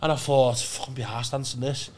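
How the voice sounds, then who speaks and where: Laid-back lad. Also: male voice, medium pitch, steady tone, a little fast, darkish tone. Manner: laid-back, swears, lots of "lad" and "lovely". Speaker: comedian co-host. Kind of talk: casual podcast banter.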